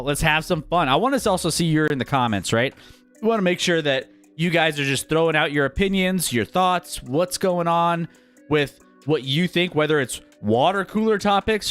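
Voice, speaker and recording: A man hosting a casual sports talk show, energetic and rambling as he previews the season. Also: on the high side, clear, resonant tone. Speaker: sports podcast host.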